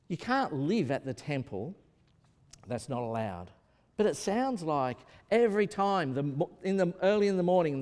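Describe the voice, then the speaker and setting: A man's voice: fairly high pitch, a little mellow. A man preaching a sermon in a conversational way, asking his listeners questions. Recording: echoey hall.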